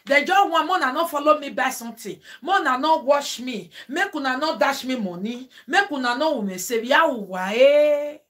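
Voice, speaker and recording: Nigerian Pidgin-speaking woman, bright, forceful tone, emphatic preachy vlogger. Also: sits high, expressive, normal speed, hardly any pauses. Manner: preachy, sermonizing asides; emphatic, exclaiming. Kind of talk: casual monologue to viewers.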